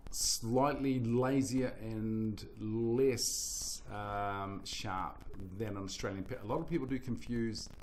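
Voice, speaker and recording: Soft-spoken New Zealand man. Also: fairly low pitch, steady tone, slight background noise. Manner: soft, quiet and unhurried. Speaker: singer and guitarist. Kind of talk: casual interview answers.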